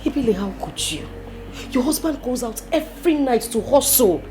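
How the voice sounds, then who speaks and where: A woman's voice: on the high side, lively intonation, moderate pace, warm tone, soft background music, close to an everyday voice. An actress playing an indignant Nigerian woman scolding her friend, mixing Igbo words into her English. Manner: scolding, exclaiming, switches into Igbo.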